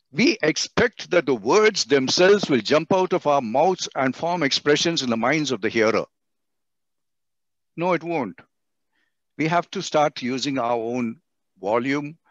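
A man with an Indian English accent giving a webinar lecture on communication, swinging his voice high and low to show his points. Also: a bit bright, no echo. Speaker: guest speaker on communication. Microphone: computer mic on a video call. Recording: dry, dull webinar audio.

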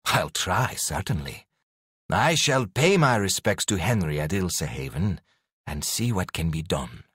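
A man voicing a proud, impatient young duke who speaks in a measured, formal way in an audiobook. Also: sits low, sing-song, fairly bright tone, slightly rough, dry recording, studio quality, heavily acted.

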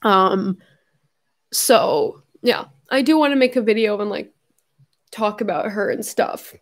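A young woman in her twenties, hosting a casual livestream while tearful and crying, speaking haltingly with soft laughs. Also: medium pitch.

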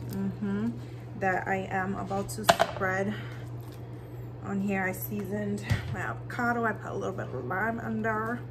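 A woman's voice: mid-range voice, fairly even intonation, measured pace, very noisy. A woman chatting casually in a cooking vlog, rambling with lots of fillers while she makes food at home. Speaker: vlogger.

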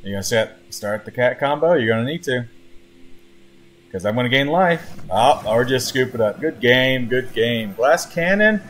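A man's voice: mid-range voice, animated, normal speed, fairly bright tone. A man giving casual live commentary on his own card game, chatting to his opponent as he plays. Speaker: gameplay commentator.

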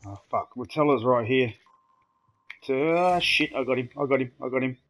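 A man's voice: medium pitch, steady tone, quick pace. A young man giving casual gameplay commentary, joking and swearing with friends. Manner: swearing, laughing banter. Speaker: gaming host.

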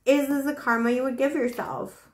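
A high-voiced woman with fairly even intonation talks at normal speed while doing a casual tarot reading to camera. Affectionate and chatty, she uses fillers like "you know" and is a little short of breath, with an echoey room around her.

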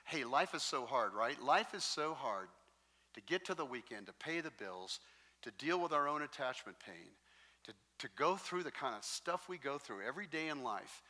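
Bright-voiced pastor in a reverberant hall. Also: male voice, medium pitch, moderate pace. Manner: animated, jokey storytelling. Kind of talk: sermon with storytelling. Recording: long reverb in a large hall.

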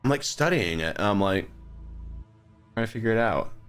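A young man chatting casually while live-streaming a horror game, rambling and animated, with his voice jumping up high whenever he is startled. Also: normal speed, clear, resonant tone, faint music behind. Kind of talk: casual gaming livestream chat.

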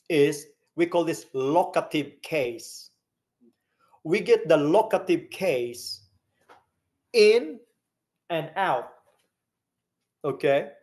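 Slow-preaching man with a higher voice. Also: a little mellow. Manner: teaching Bible study, questions the congregation. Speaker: pastor. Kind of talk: sermon.

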